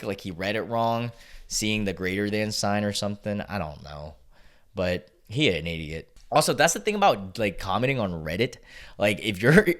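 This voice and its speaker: A man's voice: lowish voice, fairly bright tone. A young man hosting a casual reaction video, reading posts aloud and reacting bluntly with frequent swearing.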